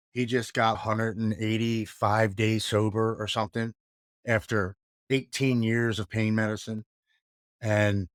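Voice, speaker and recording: A man's voice: on the low side, dry recording, clean studio sound. A man in his forties, from the United States, telling his story as a podcast guest in an earnest, heartfelt and reflective way. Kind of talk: candid interview conversation.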